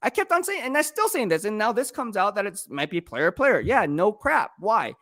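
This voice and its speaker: A man's voice: sits high, very animated, normal speed, a bit bright, dry recording, studio quality. A man hosting a casual live-stream sports talk show, arguing his points with rhetorical questions and repeated phrases. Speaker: sports commentator host.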